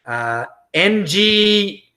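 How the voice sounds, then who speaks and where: A middle-aged American man hosting a casual livestream, reading viewer comments in an animated, chatty way with frequent laughs and restarts. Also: sits high, drawn-out words. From United States. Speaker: crypto livestream host.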